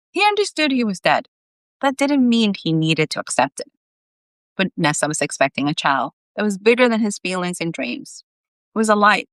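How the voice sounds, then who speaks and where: A woman author reading her own story aloud on a live video, expressive and emotional, with chatty asides. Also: lowish voice, dry recording. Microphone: live video stream.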